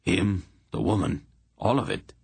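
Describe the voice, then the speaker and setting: A man's voice: deep voice, animated, a little slow, gravelly, a little mellow, husky, no room sound, full character voice. A man doing a blunt, stubborn merchant. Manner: blunt, mocking.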